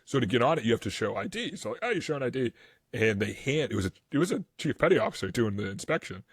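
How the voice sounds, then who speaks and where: Husky male co-host, rambling, laughs easily, dry close mic. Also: on the low side, very animated, no room sound. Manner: rambling storyteller, quick to laugh, acts out quoted voices. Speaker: podcast co-host. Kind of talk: casual podcast chat.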